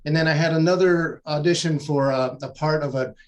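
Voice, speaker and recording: A man's voice: a little high, steady tone, fairly quick. A man, a participant in a voice acting class, asking a question on a video call in a chatty, joking way with hesitant fillers.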